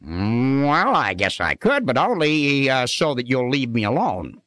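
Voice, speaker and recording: A man's voice: mid-range voice, very animated, a little slow, fairly bright tone, no room sound, pitched above the performer's own voice. A man doing a mumbling, lazy storybook cow. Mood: indifferent. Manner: mumbling, drawling with hums and fillers. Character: lazy, indifferent male cow. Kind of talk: storybook character voice.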